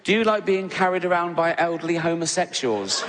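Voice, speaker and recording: A man voicing a brisk male examiner calling out jobs for dogs, roll-call style. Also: a little high, lively intonation, heavy background noise, voice pushed up, natural voice. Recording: reverberant live venue with loud ambience.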